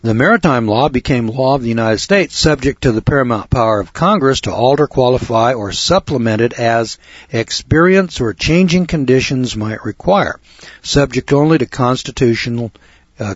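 A man's voice: medium pitch, animated, normal speed, slightly rough, no echo. A man giving an emphatic, preachy lecture on law, addressing his listeners as boys and girls and repeating words for weight. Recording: dull lo-fi recording.

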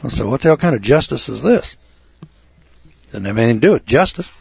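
A man's voice: mid-range voice, animated, brisk, creaky, a little mellow, breathy edge. A man giving an emphatic, preachy lecture on law, addressing his listeners as boys and girls and repeating words for weight. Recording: dull lo-fi recording.

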